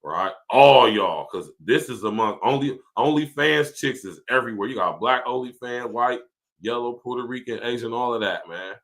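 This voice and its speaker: An animated, slightly bright, medium-pitched man at a moderate pace hosts a podcast livestream, where he rants casually and profanely, laughs a lot, and reads viewer comments aloud.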